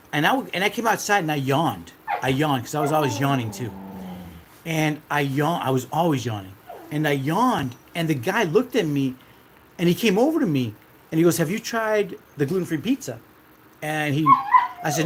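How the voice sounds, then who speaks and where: A man's voice: a little high, noisy background. A man in his thirties casually telling a rambling, repetitive story from his own life, swearing now and then. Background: dogs.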